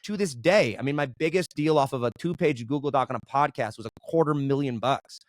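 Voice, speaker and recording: Fast-talking animated man, guest storyteller. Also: medium pitch, no room sound. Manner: animated, keeps asking "right?". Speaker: podcast guest, entrepreneur. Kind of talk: casual interview storytelling.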